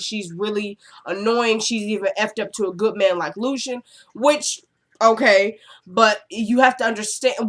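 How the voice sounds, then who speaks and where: Brief: young woman with a stuffy cold, chatty and animated, recapping a show, casual vlog delivery. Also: medium pitch. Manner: chatty, animated, acts out characters' lines. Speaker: TV episode recap vlogger.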